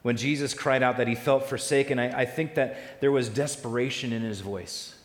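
A man preaching a sermon as pastor, building loud through lists and falling soft and slow on key lines. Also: mid-range voice. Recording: echoey hall with long reverb.

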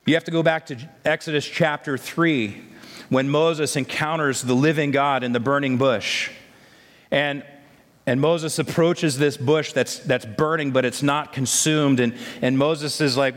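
A man preaching a sermon, telling the story in a lively way and acting out the voices of the people in it. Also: on the high side, measured pace, in a large hall. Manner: animated storytelling, acts out voices of disciples.

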